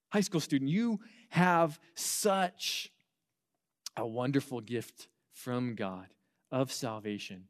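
A young man gives a sermon to a youth group, with a voice of ordinary middle pitch. He speaks earnestly and with animation, often stammering and restarting his sentences. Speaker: youth pastor.

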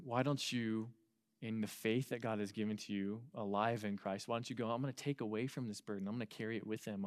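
Earnest animated youth pastor, man. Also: medium pitch. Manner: earnest and animated, with many restarts and stammers. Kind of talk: sermon to a youth group.

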